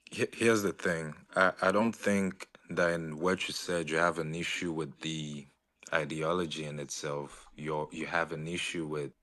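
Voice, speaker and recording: A man's voice: very deep voice, steady tone, measured pace, fairly bright tone. A man with a French accent answering hesitantly in a discussion, with many restarts. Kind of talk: casual discussion.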